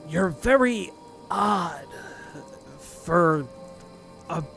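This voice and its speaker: A game master voicing Ogoth, a deadpan male guide in a tabletop game, who talks slowly and haltingly. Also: mid-range voice, gravelly, faint music behind, exaggerated voice. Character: odd gruff male guide.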